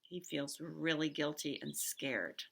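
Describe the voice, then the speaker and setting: A woman's voice: deep voice, slow pace, creaky, a bit bright. A woman teacher reading a novel aloud with expression, stopping now and then to comment on the story.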